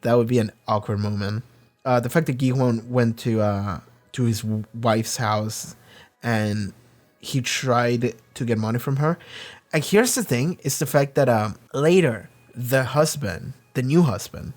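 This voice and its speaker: A man's voice: medium pitch, unhurried, a little mellow. A man hosting a reaction channel, rambling through casual commentary with many restarts and acting out quotes. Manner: acts out quoted characters.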